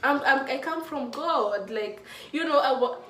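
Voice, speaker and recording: A woman's voice: high voice, measured pace, bright, forceful tone, slight background noise. A woman in her mid-twenties talking earnestly and emotionally about her faith, with many restarts, in a casual vlog. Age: mid-20s. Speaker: faith vlogger. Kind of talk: casual heartfelt talk to camera. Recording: echoey room from a distant mic.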